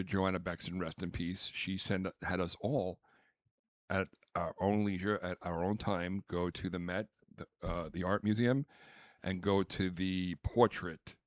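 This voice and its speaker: A man with a very low voice tells stories in casual podcast chat, animated and quick to restart his sentences. The sound is dry and close, with no room echo. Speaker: stand-up comedian and podcast co-host.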